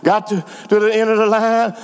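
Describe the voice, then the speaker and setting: A man's voice: sits high, normal speed. A middle-aged man, preaching a sermon and telling a story with emphatic repetition. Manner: animated, repeats words, emphatic. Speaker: pastor. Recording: echoey hall.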